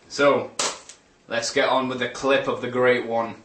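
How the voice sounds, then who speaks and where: A man's voice: mid-range voice, little pitch movement, measured pace, fairly bright tone, far from the mic. Offhand man narrating a fan video. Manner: offhand, rambling. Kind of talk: casual narration. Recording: roomy room audio from away from the mic with faint noise.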